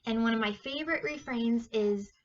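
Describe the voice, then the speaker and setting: A woman teaching Sunday school, reading a Bible story to children in an animated, questioning way. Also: on the high side, moderate pace, recorded from a distance, muffled recording, a little hiss or hum. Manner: animated, questioning, talks to kids directly.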